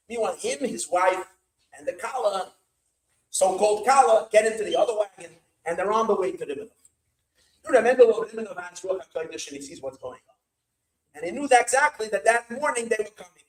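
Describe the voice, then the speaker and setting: A rabbi telling a story at an evening gathering, animated and repetitive, slipping in Yiddish words. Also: male voice, high-pitched, fast talker, echoey room, low-quality recording.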